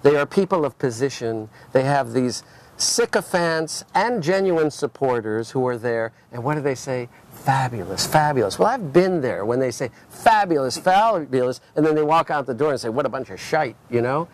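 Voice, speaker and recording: Man, art dealer, casual storytelling, repeats and restarts words, average pitch, faint background noise. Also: animated, moderate pace. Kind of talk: casual conversation, telling anecdotes.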